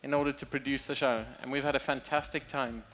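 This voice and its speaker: A man hairstylist giving a candid, relaxed speech to hairdressers from a show stage. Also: mid-range voice, fast talker, faint music behind. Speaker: session stylist and show presenter.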